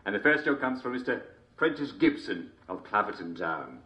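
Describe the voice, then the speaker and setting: A man's voice: on the low side, big pitch swings, normal speed, pushed and bright, muffled recording. A man playing a jovial, constantly chuckling TV host, mock-cheerful and smarmy. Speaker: show host. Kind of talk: comedic character monologue.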